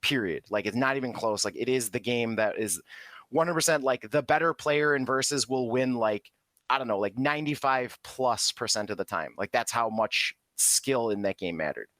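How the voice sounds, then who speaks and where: This podcast co-host is a man who swears a lot and gives his blunt opinions in relaxed conversation. He speaks at a normal speed in a medium-pitched, slightly bright voice, captured dry and at studio quality.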